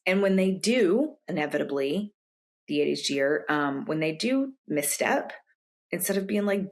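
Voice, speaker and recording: A young adult woman with a low-pitched voice speaks as a guest coach on a podcast. She talks casually and at length, and each time she quotes a friend or partner she jumps up in pitch to act the line out. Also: normal speed. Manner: animated, acts out quoted lines in a raised pitch. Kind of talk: conversational interview answers.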